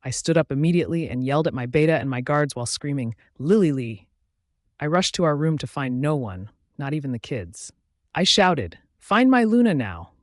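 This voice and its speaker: A man's voice: medium pitch, lively intonation, brisk, dry recording, studio quality. A man narrating a first-person audiobook in a dramatic, intense storytelling manner.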